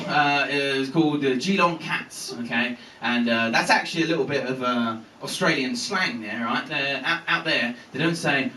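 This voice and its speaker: A young English man doing a live stand-up set, telling an animated, sweary story. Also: on the high side, slight background noise. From England. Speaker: stand-up comedian. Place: comedy venue with live audience. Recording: echoey bootleg audio from a distance.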